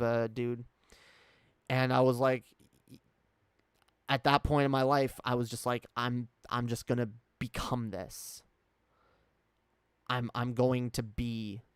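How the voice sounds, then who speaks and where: A man's voice: medium pitch, clean tone, no room sound. A man talking casually and candidly into a close mic, rambling with frequent fillers and restarts. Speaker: streamer. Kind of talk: casual personal chat.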